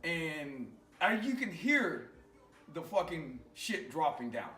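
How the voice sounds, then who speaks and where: A man, an Army veteran, telling an animated, profane war story in casual conversation in a garage. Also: a little high, slow pace, echoey room, recorded from a distance, faint music behind.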